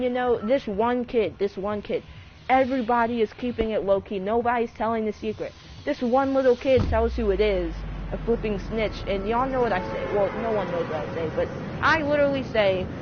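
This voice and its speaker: A male storyteller in a casual storytime vlog, rambling with lots of fillers and self-corrections. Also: high voice. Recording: muffled lo-fi recording with faint hiss.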